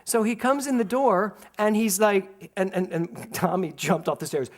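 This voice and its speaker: A middle-aged man from delivers a sermon. He tells his anecdotes with lively energy and leans on quieter, slower phrasing when he turns to spiritual teaching. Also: high voice. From Philadelphia, USA. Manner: animated storyteller, laughs through anecdotes, slows to calm spiritual emphasis. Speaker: minister. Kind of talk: sermon with personal storytelling.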